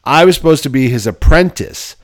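Animated middle-aged man telling stories. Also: on the high side, no room sound, clean studio sound. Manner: animated, acts out the people in his stories; self-described belligerent, quick with comebacks. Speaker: podcast host. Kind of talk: casual storytelling.

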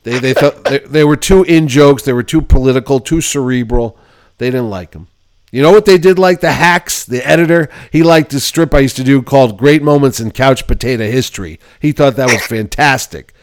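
Animated middle-aged man telling stories. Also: medium pitch, no echo. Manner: animated, acts out the people in his stories; self-described belligerent, quick with comebacks. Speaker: podcast host. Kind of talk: casual storytelling.

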